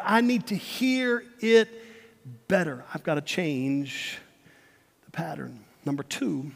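A man preaching a sermon, emphatic, repeating words and swinging between loud and hushed. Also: high-pitched, slow pace, creaky. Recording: long hall reverb.

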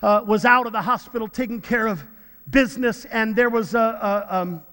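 A man's voice: sits high, normal speed, sharp tone, clear, resonant tone, in a large hall. A man preaching a sermon, telling a personal story earnestly, often repeating and restarting his words. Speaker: pastor.

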